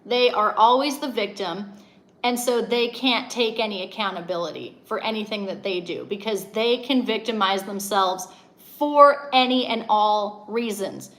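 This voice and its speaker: A woman's voice: medium pitch, a little slow, fairly bright tone. A young adult woman hosting a casual livestream, talking emphatically and answering viewer comments as a coach.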